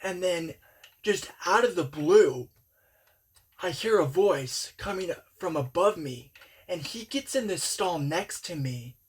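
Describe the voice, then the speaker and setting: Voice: mid-range voice, animated, slow, breathy edge. A young adult telling a personal story in a rambling, casual way, full of "um" and "like". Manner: rambling, filler-heavy, talks with hands-off candor.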